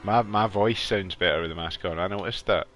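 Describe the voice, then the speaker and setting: Scottish male streamer, low voice, loose and talkative with his viewers, quick to laugh. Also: fairly bright tone, faint music behind. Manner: chatty, laughs often, talks to viewers. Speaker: live game streamer. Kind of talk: casual live gameplay chat. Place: warm bedroom at home.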